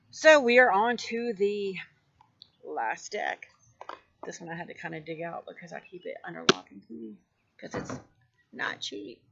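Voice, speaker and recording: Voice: mid-range voice, vocal fry, background noise. Gushing, rambling card-deck vlogger, dull sound. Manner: gushing, rambling, many fillers and restarts. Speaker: oracle card collector showing decks. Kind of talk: casual show-and-tell vlog.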